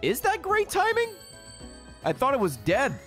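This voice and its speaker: A man streaming a game, excitable and swearing freely as he yells at the creatures on screen. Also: very high voice, measured pace, soft background music. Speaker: gaming streamer. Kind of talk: casual let's-play commentary.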